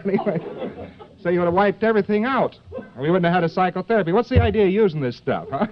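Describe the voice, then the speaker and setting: A man giving a rambling, joking live lecture to an audience, full of fillers and asides like "see?". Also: high voice. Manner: joking, digressive, many fillers and rhetorical asides. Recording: dull lo-fi old lecture recording.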